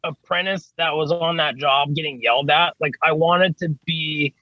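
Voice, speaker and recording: Speaking at a moderate pace in a slightly high voice, an HVAC service technician guests on a podcast, the recording muffled but free of echo. His casual interview stories ramble, full of light swearing and lots of "you know what I mean."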